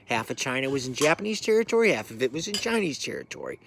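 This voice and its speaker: A man's voice: very animated, quick pace, vocal fry, breathy edge. Angry, profane middle-aged man ranting. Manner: swings from low mutters to loud bursts. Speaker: military veteran ranting. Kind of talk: profane political rant.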